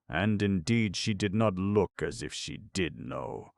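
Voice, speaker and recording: Brief: male audiobook narrator, measured and expressive, deep gravelly voice, dry close recording. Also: no echo. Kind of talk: scripted narration.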